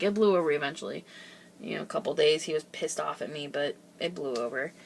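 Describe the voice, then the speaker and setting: A woman's voice: fairly low pitch, fairly bright tone, slight background noise. Chatty young woman telling home stories. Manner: chatty, rambling, laughs through her stories. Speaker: vlogger. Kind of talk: casual storytelling.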